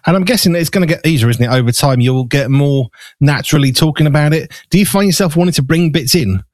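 A man from the Black Country with a softened Black Country accent, hosting a chatty radio interview and laughing easily. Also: a little high, quick pace, dry recording. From Black Country, English Midlands. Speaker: radio show host. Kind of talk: casual interview chat.

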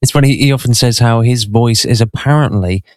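A man talks things through in a relaxed chat, pausing and restarting as he thinks. His pitch is ordinary for a man, and the recording is dry and close. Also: dry recording. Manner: hesitant, thoughtful, many fillers and restarts. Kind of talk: casual chat.

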